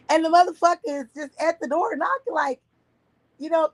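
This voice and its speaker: A woman ranting bluntly and profanely on a livestream from home, often mimicking others in a high voice. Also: normal speed, pauses often, no echo, low-quality recording. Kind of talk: casual livestream rant. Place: at home, partner asleep beside her.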